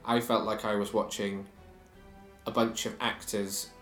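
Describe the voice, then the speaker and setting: A man's voice: fairly low pitch, little pitch movement, a little slow, fairly bright tone, echoey room, faint music behind. A man co-hosting a casual chat about a TV show, opinionated and chatty. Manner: chatty, opinionated, reads quotes aloud. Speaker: podcast co-host.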